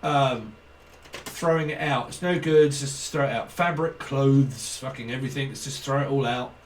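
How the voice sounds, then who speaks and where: A man's voice: mid-range voice, moderate pace, far from the mic, slight background noise. A man giving a casual channelled tarot reading, rambling, swearing often and laughing between thoughts. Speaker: tarot reader.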